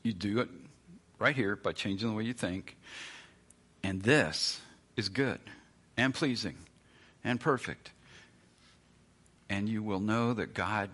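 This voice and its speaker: A male pastor delivers a sermon with a bright, forceful voice that cuts through clearly. He talks in a loose, conversational way and keeps firing rhetorical questions at the congregation, pressing each point with emphasis. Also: fairly low pitch, slow, long pauses.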